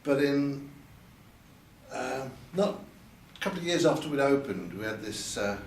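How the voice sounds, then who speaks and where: An animated older man with a mid-range voice recalls his past a little slowly during a candid interview at an event venue. He hesitates, repeats himself, and quotes others in a raised voice. The sound is roomy from a distant mic, with faint ambience and slight background noise.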